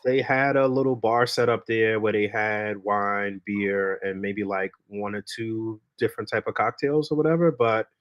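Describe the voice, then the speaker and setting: A man hosts a podcast and talks in an easy, laid-back way. He swears freely and trails off with fillers. His voice sits a little low. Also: fairly even intonation, moderate pace, hardly any pauses, dull audio. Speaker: podcast host. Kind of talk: casual chat.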